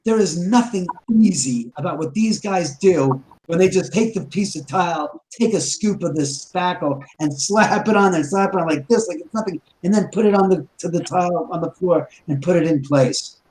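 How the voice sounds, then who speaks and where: A man's voice: high-pitched, moderate pace, few pauses, a little mellow, rough recording. A man casually telling a ghost story about his house, rambling with restarts and acting out quoted dialogue.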